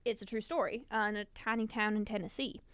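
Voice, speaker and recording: A woman's voice: mid-range voice, steady tone, quick pace, fairly bright tone, smooth, dry recording. A young woman, a theater student from the West Coast, chatting in a bubbly, casual way on a podcast. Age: young adult. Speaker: guest, acting student.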